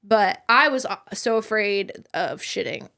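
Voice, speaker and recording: A young woman co-hosting a podcast, telling a story in a blunt, animated way, swearing freely. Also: medium pitch, measured pace, creaky. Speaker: podcast co-host. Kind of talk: casual chat.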